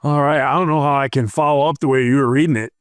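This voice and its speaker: A podcast co-host in casual comedy banter, giggly, reading names in a slow mock-serious voice. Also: mid-range voice, steady tone, smooth, no echo, clean studio sound.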